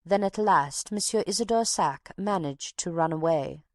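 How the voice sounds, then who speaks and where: Chatty offended old box-keeper lady as a woman reads her, low voice, dry sound. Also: moderate pace, a little mellow, no echo, lightly acted. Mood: gossiping. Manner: chatty, dramatic storytelling, easily offended. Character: talkative, indignant older woman box-keeper. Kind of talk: audiobook character voice.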